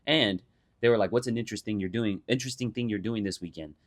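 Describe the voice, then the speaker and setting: A young man co-hosting a podcast, telling stories in a casual, animated way with swearing and mock voices. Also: lowish voice, fast. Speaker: podcast co-host. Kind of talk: casual chat.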